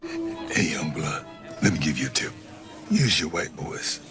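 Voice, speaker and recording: An actor playing a streetwise older call-center coworker who gives coaxing advice, heard as a film clip with music behind. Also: male voice, rumbling low, lively intonation, a little slow.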